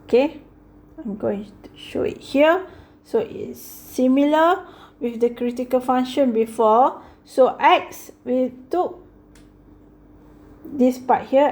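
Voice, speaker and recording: A woman with a high voice walks through a math lesson at an unhurried, careful pace. She keeps stopping to check in with "okay" and fixes her own slips as she goes, patient and methodical throughout. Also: a little mellow. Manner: slow and patient, repeats "okay" often; corrects herself mid-sentence. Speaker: math teacher.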